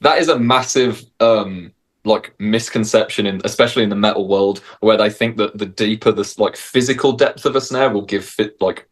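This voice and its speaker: A man of thirty with an English accent, a guest musician chatting in a relaxed way on a video call and saying "dude" a lot. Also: on the low side, moderate pace. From England. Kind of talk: casual interview chat.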